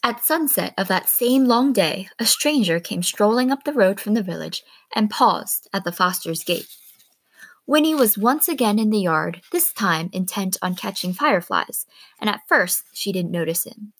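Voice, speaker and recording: A woman reading a novel aloud in a calm, steady storytelling manner. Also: mid-range voice, moderate pace, breathy edge, no room sound. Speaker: reader.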